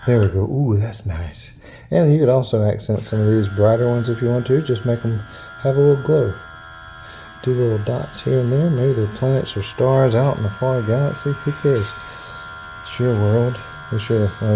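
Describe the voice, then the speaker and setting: A chatty man, an airbrush artist and tutorial host, narrates his painting casually, talking to himself as he works and counting out steps. His voice is medium-pitched and creaky, with background noise.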